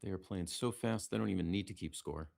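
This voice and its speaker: A man calling a live board game match in a low, gravelly voice. He keeps it casual and chatty, reading out viewer shout-outs between moves. He stays hushed so the players nearby can't hear him. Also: brisk. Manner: lowers his voice to stay quiet near the players. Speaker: play-by-play commentator. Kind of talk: live backgammon commentary.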